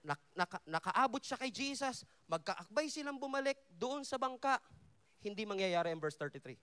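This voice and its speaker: Animated Filipino pastor preaching. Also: male voice, very high-pitched, fairly quick, clean tone. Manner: switches between English and Tagalog, acts out the disciples. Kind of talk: sermon. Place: festival stage before a congregation.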